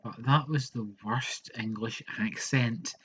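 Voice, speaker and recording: A male podcast co-host speaks slowly in dry, teasing casual chat, stumbling over a word when he restarts. The recording sounds dull and lo-fi. A faint hiss runs under it. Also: mid-range voice, a bit bright.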